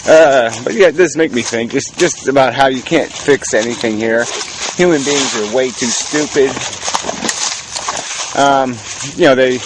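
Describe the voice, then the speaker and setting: A man rambling through a casual monologue, cynical and profane, halting with fillers and restarts. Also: mid-range voice, background noise. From New England, United States. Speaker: video blogger.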